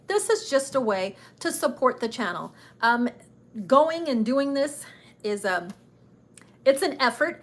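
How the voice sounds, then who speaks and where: Slightly nervous woman chatting on a travel live, voice a bit high, pokes fun at herself. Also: a bit bright. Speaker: travel vlogger and travel agent. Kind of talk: casual livestream chat.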